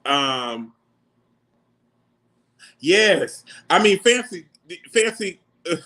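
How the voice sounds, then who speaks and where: A man, hosting a casual livestream and chatting back to viewer comments in an animated, slangy way. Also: sits high, extremely slow. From New York. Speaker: livestream host.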